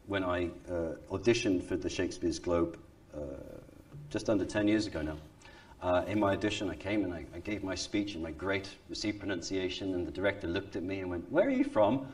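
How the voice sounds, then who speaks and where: A man, an actor, speaks in a low voice with an easy, animated manner. He laughs often. The mic sits at some distance from him. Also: moderate pace. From Wales. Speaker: Shakespearean actor. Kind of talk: recorded talk on accents.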